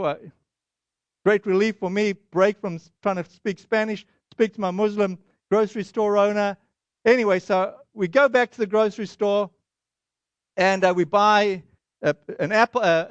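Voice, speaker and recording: High-voiced man preaching a lively sermon. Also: dry recording, muffled recording. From Boston area. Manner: storytelling, animated, acts out quoted voices. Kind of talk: sermon with personal story.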